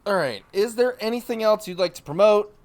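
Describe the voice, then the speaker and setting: A man's voice: high-pitched, lively intonation, brisk. A man hosting a podcast in a laid-back way, laughing along with his guest. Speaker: podcast host. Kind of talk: casual chat.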